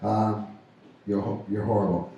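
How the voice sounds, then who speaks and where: A man's voice: on the low side, unhurried. Joking man hosting from a pub. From Canada. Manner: rambling, joking, excitable. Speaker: radio show host. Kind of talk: casual pub banter. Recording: echoey pub from far off.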